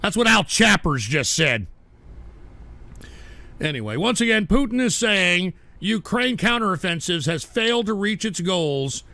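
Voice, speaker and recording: Brief: male stream host, high gravelly voice, bright and dry, ranting at chat, erupts into shouts. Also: very animated, unhurried, no echo. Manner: combative, swings from mutters to shouting. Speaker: livestream host reading chat. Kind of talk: angry livestream rant.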